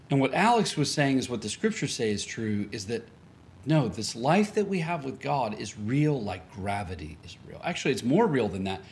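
Male pastor, mid-range voice, very animated pitch, chatty storytelling sermon with frequent restarts and chuckles. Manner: conversational, restarts sentences, chuckles often.

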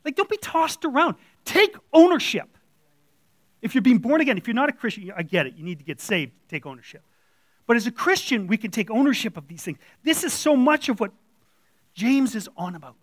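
A man's voice: very high-pitched, big pitch swings, brisk, no room sound, clean studio sound. A man preaching an informal sermon as a church elder, blunt and conversational, slipping into quoted voices. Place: church room with audience.

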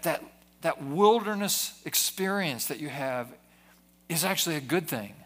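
Bright, high-voiced preaching man. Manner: earnest preaching with frequent word repetitions. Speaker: pastor. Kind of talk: sermon. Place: church service.

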